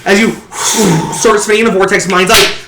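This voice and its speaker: A man narrating as game master of a tabletop role-playing game, halting with many fillers and restarts and laughing often. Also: high-pitched, over a noisy crowd. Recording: echoey room, faint noise.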